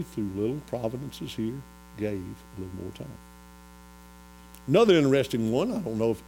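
A man preaching a folksy sermon, retelling a Bible story and getting louder as he goes. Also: mid-range voice, rough recording. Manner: animated, rises to loud excitement when retelling the story. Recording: faint mains hum.

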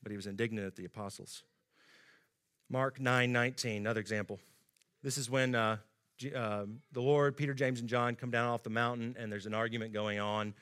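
A man's voice: mid-range voice, fairly even intonation, a little fast, fairly bright tone, smooth. A man preaching a sermon in a conversational way, acting out the quoted lines with rising emphasis.

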